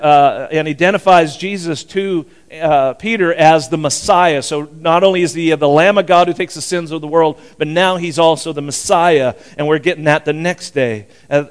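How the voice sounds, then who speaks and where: Folksy older pastor, smooth higher voice. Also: male voice. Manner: folksy, rambling, chuckles often. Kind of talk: sermon.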